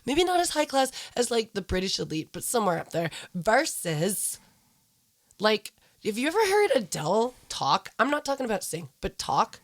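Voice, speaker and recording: A woman co-hosting a podcast in casual chat, animated, laughing often and swearing freely. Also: medium pitch, no echo. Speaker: podcast co-host.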